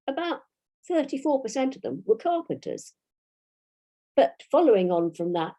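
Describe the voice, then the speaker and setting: A woman with a British English accent gives a history lecture, reading out dates and quotations at a measured pace. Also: fairly low pitch, dark tone, husky. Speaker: historian giving a talk.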